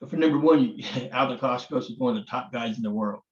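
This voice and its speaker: A man's voice: medium pitch, a little fast. Blunt older man telling stories, roomy sound. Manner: blunt, swears casually, acts out quoted dialogue. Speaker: martial arts grandmaster. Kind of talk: candid storytelling interview. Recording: roomy, dull lo-fi audio.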